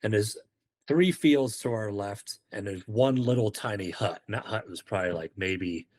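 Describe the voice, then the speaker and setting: Man from the uk, lowish voice, casual podcast guest, animated storyteller doing quoted lines. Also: moderate pace. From United Kingdom. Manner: animated, acts out quoted dialogue. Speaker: podcast guest, former Marine.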